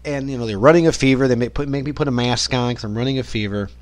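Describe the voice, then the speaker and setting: A man's voice: medium pitch, fast talker, no echo. A man hosting his own podcast, ranting in a rambling solo monologue full of swearing and exasperation. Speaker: podcast host.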